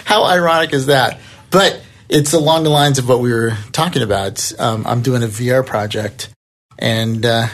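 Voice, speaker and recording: A man's voice: mid-range voice, a bit bright. A man hosting a podcast in casual chat, upbeat and laughing often. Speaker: podcast host.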